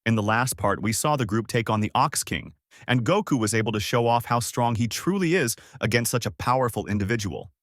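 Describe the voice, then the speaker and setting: A man hosting and reading a fan-made story in a plain, steady narration. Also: mid-range voice, brisk, dry recording, studio quality. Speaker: host.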